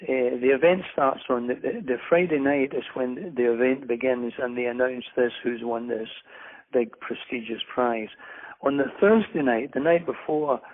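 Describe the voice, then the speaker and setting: A man's voice: medium pitch, normal speed, a little hiss or hum. A middle-aged Scottish man, a guest author, chatting in a rambling, self-deprecating way with many restarts. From Scotland. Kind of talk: casual interview chat. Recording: phone-like narrow audio.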